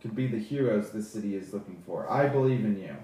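A man voicing a pompous male high elf paladin who runs a school, speechifying and sternly scolding interruptions. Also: expressive, fast, warm tone, natural voice. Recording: echoey room from far off.

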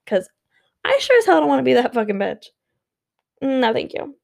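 Brief: tired woman vlogger, frank and foul-mouthed, a bit higher-pitched, with gravelly fry. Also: very animated, moderate pace. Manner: blunt, profane, emphatic, repetitive. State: sleepy and yawning. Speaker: vlogger giving relationship advice. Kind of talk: casual unscripted advice monologue.

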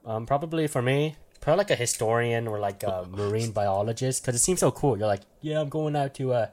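A man's voice: medium pitch, quick pace, a little mellow. Young man, podcast host; loose rambling chat, laughs a lot, slangy.

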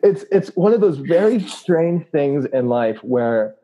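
A man's voice: a little high, big pitch swings, unhurried, warm tone, lo-fi sound. A man telling a story in a casual interview, earnest and full of fillers. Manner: earnest, with many fillers and laughs. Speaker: anti-trafficking activist and preacher.

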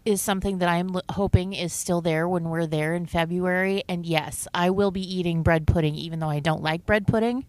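A woman's voice: on the low side, steady tone, a little fast, few pauses, a little mellow, no room sound. A middle-aged woman co-hosting a podcast, chatting casually and passing on practical tips with a knowing, friendly manner. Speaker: podcast co-host. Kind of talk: casual chat.

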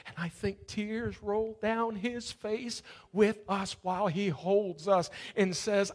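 Pastor, male, high-pitched, storytelling sermon that swells into fervent preaching. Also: measured pace, hardly any pauses.

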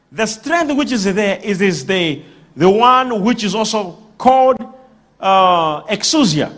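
Male preacher, high and lively voice, animated delivery with sudden shouts and call-and-response. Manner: animated, bursts into shouts and laughter.

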